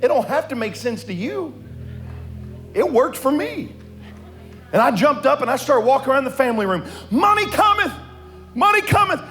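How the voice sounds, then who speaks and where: A man preaching to his church in a fairly high voice. He drops into quiet storytelling, then climbs into loud, sing-song exhortation, with faint music playing under him. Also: expressive, moderate pace, long pauses. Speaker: pastor. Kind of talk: sermon. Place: church sanctuary.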